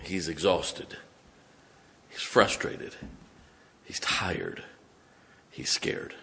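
Preacher booming in a reverberant hall. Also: male voice, sing-song, drawn-out words, vocal fry, a little hiss or hum. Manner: swings from quiet, low asides to loud, emphatic exhortation. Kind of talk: sermon. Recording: long reverb of a large hall.

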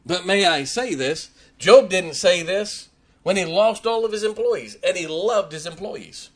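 A man's voice: high-pitched, expressive, unhurried. A man preaching a sermon, emphatic and repetitive, his voice rising and falling for effect. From West Virginia. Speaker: pastor.

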